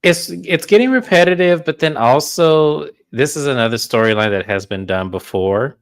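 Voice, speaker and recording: A man co-reviewing a reality TV episode in casual, halting chat. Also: on the high side. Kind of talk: casual commentary.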